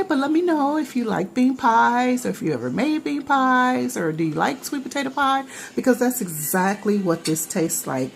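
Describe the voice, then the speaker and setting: A woman's voice: fairly high pitch, animated, moderate pace, vocal fry, a little hiss or hum. A woman vlogger chatting casually to the camera while taste-testing her baking, rambling with many fillers. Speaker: vlogger, home baker.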